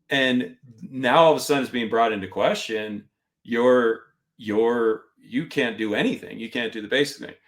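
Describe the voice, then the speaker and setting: A middle-aged man telling a story in casual interview talk. His voice sits at an ordinary pitch for a man, and he slips into the quoted lines of other people with plenty of energy. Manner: animated, acts out instructors' lines in quotes. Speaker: podcast guest.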